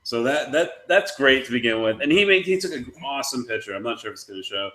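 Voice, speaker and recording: A man tells a story in a relaxed, rambling way, breaking into laughter now and then. His voice sits at an ordinary pitch, and the room around him rings with echo. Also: fast. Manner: excitable, rambling, laughs often. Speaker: podcast co-host. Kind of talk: casual storytelling on a live stream.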